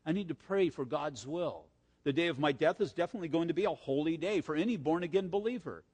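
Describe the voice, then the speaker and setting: In an echoing church sanctuary, an older male pastor preaches with earnest, conversational warmth, weaving in personal stories. His voice sits a little high and is husky and a little mellow, and he talks fast with an expressive delivery.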